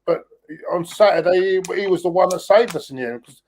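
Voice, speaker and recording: A man's voice: high-pitched, brisk, darkish tone, a little hiss or hum. Sarcastic man on a shaky video call. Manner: sarcastic, firm opinions. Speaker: guest pundit. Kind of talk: casual football fan chat. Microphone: video call over weak internet.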